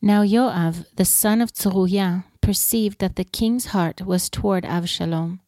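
A woman giving a measured, steady scripture reading. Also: medium pitch, dry recording, clean studio sound. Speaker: scripture reader.

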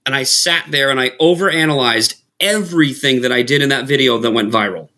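A man's voice: mid-range voice, brisk. A man with a Boston accent telling stories in casual chat, swearing a lot and talking with animation. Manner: profane, animated storytelling, slips into loud impressions. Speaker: guest, food content creator.

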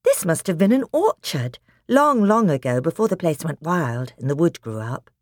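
A woman's voice: deep voice, very animated, moderate pace, no echo, studio quality. A woman reading as a sensible, thoughtful schoolgirl. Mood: pleased.

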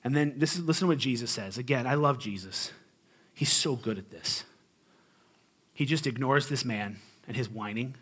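A man's voice: medium pitch, moderate pace, fairly bright tone, breathy edge. A male pastor preaching a sermon in a conversational, humorous and emphatic way.

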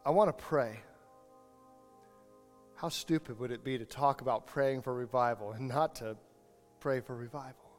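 A man's voice: medium pitch, normal speed, pauses often. A male pastor preaching a sermon, telling a story and building to impassioned appeals. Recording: long hall reverb, faint music.

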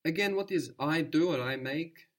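A man teaching a spoken language lesson, patient and encouraging, explaining slowly and repeating words. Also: on the high side.

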